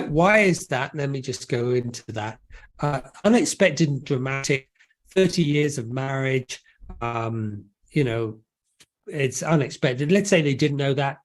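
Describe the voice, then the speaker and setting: Animated, joking man. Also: fairly high pitch. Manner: animated, jokey, restarts and asides. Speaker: author and guest. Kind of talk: casual interview explanation.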